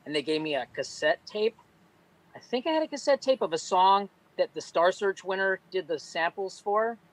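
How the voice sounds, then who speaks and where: A man with a notably high voice recalls a job over a video call. He chats away and wanders off on side tangents. His speech is casual and conversational. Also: expressive, normal speed, low-quality recording. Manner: chatty, easily sidetracked. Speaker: cartoon voice actor at a cast reunion.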